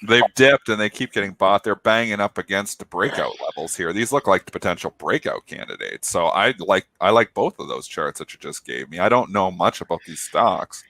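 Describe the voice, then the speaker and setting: A man's voice: deep voice, lively intonation, brisk, few pauses, sharp tone. A man co-hosting a market show, emphatically explaining trading basics and repeating his point. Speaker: co-host, trader. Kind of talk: market talk show commentary.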